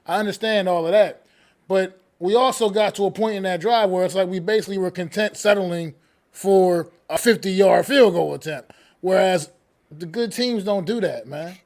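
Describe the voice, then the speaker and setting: A man with a high voice explains his football view in a measured, thoughtful way on a talk panel. He builds his point patiently. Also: a little mellow. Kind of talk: sports talk.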